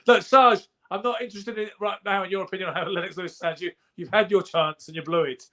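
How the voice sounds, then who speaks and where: A man co-hosting a boxing chat show. He talks quickly in a fairly high voice. He presses every point with emphatic insistence. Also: fairly even intonation, a bit bright. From England. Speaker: podcast co-host.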